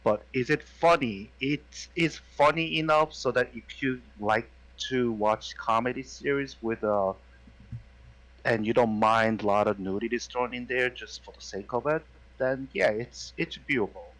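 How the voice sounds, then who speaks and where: Wry man giving measured opinions. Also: mid-range voice, a bit bright, rough recording. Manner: measured, wry, explains his take at length. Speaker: podcast co-host. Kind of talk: casual anime review chat.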